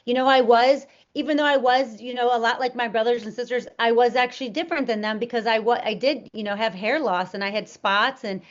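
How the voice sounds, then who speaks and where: A woman's voice: on the high side, steady tone, a little fast, few pauses. A woman being interviewed, telling her personal story earnestly, with many fillers and restarts. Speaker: interview guest. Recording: dull lo-fi audio.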